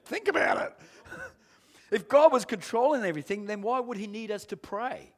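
A man preaching a sermon to a congregation, emphatic and rising to shouts, calling for amens and asking the room questions. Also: high voice, normal speed. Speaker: pastor.

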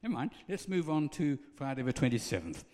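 A man's voice: medium pitch, very animated, a little fast, a little mellow, long reverb tail. A man preaching a conversational sermon and acting out little scenes.

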